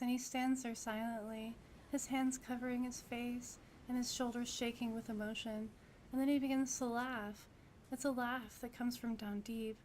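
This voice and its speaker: A playful woman streaming a game, reading story text aloud between chatty asides. Her voice sits fairly high, with a faint hiss behind it. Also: a little mellow.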